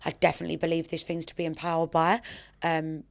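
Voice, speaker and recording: A woman with a notably low-pitched voice hosts a relaxed podcast chat. She talks in a chatty, streetwise way, swears freely and calls her guest darling. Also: quick pace, vocal fry. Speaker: podcast host. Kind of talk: casual interview chat.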